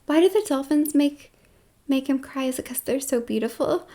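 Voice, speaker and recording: A woman voicing a gentle, naive young male alien who talks softly and wonders aloud. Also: high voice, normal speed, lightly acted. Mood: curious. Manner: soft and wondering.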